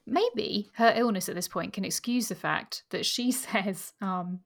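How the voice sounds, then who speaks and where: A woman's voice: medium pitch, unhurried, vocal fry. A woman co-hosting a book podcast, thoughtful and chatty in casual discussion.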